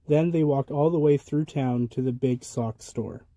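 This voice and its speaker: A man reading a children's picture book aloud with a lively, rhythmic delivery of sound words. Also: medium pitch, a little slow, no room sound. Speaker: storybook reader. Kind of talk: children's storybook read-aloud.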